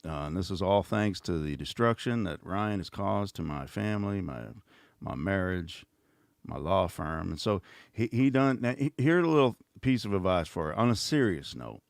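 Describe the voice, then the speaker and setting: A middle-aged man rambles through a casual livestream with sarcastic, mocking asides. His voice sits very low and deep. The sound is dry and close, with no room around it. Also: expressive, normal speed, gravelly, no room sound. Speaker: host.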